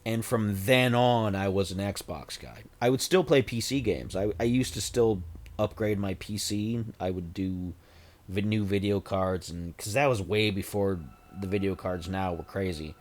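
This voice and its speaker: Man, 40s, fairly low voice, casual livestream chat, rambling, self-deprecating jokes. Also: a little slow.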